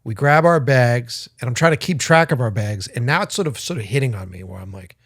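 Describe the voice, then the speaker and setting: A man's voice: medium pitch, brisk, few pauses, no room sound. Profane man telling a story, dry sound. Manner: profane, rambling, lively retelling with quoted voices. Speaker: podcast co-host. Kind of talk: casual storytelling.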